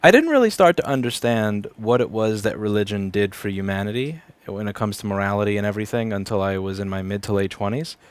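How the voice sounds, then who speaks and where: A man's voice: lowish voice, quick pace, few pauses, clear, resonant tone, no room sound. A man in his thirties, a repair technician, chats casually and sardonically on a livestream, rambling and swearing freely. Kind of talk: casual livestream chat while working. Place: repair shop.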